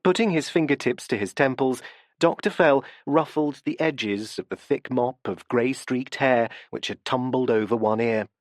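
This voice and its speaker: A man narrating a classic mystery novel in a measured, expressive way. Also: medium pitch, no room sound, studio quality. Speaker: audiobook narrator. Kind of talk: scripted narration.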